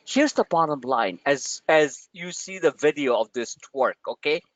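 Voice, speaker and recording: A man hosting a livestream of market commentary, rambling and joking in an animated way. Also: a little high, normal speed, hardly any pauses, no room sound, lo-fi sound. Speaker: trading channel host.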